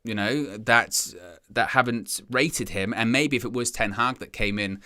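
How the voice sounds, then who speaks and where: A man hosts a fan channel stream in a casual, rambling chat, reading out viewer comments. His voice is bright and animated. He slips into little imagined voices of other fans now and then. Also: mid-range voice, normal speed.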